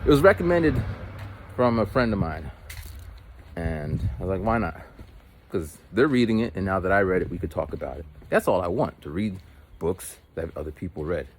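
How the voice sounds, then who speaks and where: Animated low-voiced man rambling casually. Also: moderate pace. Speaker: vlogger. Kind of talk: casual walk-and-talk monologue. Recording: walking outdoors with faint street noise.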